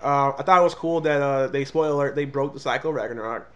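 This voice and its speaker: A man co-hosting a casual comic review show, talking animatedly and dropping into quick voices when he quotes characters. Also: mid-range voice, muffled recording. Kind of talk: casual movie review chat.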